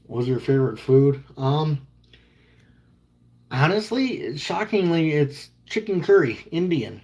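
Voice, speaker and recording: A man's voice: fairly high pitch, animated, unhurried, a little mellow. A man in his thirties chatting casually with viewers on a livestream, rambling and joking as he answers their questions. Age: 30s.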